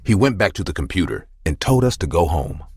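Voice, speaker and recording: A man with a very deep voice narrates a first-person tale, his pitch rising and falling expressively. Soft music plays quietly behind his telling. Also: big pitch swings, brisk, slightly rough. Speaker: storyteller.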